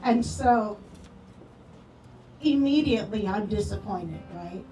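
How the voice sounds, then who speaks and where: A woman telling affectionate, animated stories about a late friend at a memorial, acting out quoted lines. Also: mid-range voice, slow pace. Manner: animated storytelling with playful quoted voices. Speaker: memorial speaker. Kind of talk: eulogy storytelling. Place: memorial gathering hall. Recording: roomy echo, distant from mic, soft music.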